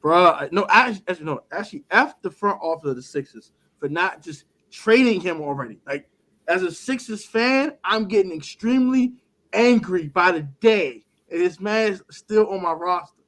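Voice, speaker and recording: A man co-hosting a casual sports talk show, animated and laughing often as he acts out other people's words. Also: high-pitched, moderate pace. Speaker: podcast co-host.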